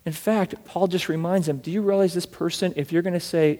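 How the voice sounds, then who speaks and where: A man preaching a sermon from scripture, fervent, swinging between loud urging and hushed asides and repeating words as he builds a point. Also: high voice, steady tone, fairly quick, few pauses, big-room sound. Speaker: pastor.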